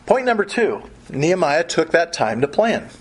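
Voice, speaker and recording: A man delivers a sermon in an easygoing, conversational style, moving between scripture and wry asides. His voice sits a little high and has a husky, rough edge to it. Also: very animated, moderate pace. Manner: conversational preaching with humorous asides. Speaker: pastor.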